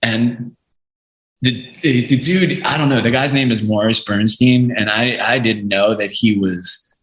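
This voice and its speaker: A man's voice: medium pitch, measured pace. Man telling stories in an echoey room. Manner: animated, swears freely, acts out quotes. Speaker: podcast guest, music lawyer. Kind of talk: casual storytelling.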